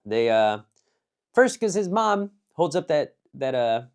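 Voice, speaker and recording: A man whose voice sits on the high side speaks slowly and smoothly. He's casually reviewing an anime film in a rambling way, full of fillers and restarts, switching from excited bursts to quiet muttered asides.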